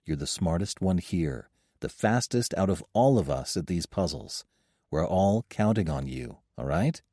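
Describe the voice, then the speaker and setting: A man voicing a young male adventurer, sarcastic and joking, keeping steady in danger. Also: sits low, unhurried, slightly rough, dry recording, studio quality, heavily acted. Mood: urgent.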